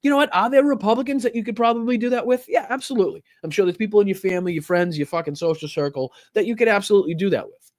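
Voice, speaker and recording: Guy yelling and cursing on his political stream, highish voice, stumbles over his words, dry sound. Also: no echo. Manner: angry, profane, heated ranting; quick stammering restarts. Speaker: political commentary host. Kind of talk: livestream political rant.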